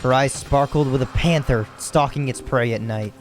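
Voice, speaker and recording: A tired man reads a video game's story aloud at an even middle pitch. He trips over words, corrects himself and drops casual asides between the lines. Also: normal speed, soft background music. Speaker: let's play narrator.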